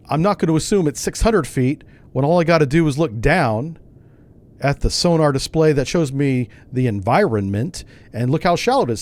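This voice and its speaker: A man's voice: fairly high pitch, a little mellow. A man hosting a gaming channel, giving casual gameplay commentary and thinking aloud in a wry, self-mocking way.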